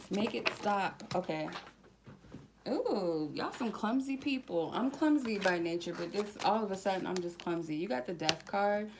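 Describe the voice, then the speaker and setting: A woman giving a casual tarot reading to her viewers, chatty and slangy, slowly reading out card keywords one by one. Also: mid-range voice, heavy background noise. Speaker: tarot reader.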